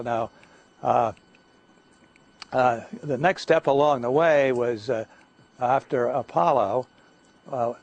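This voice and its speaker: An older man giving a guest lecture, telling stories in a halting way, with many fillers and restarts. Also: mid-range voice, darkish tone. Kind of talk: anecdotal lecture talk. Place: lecture hall.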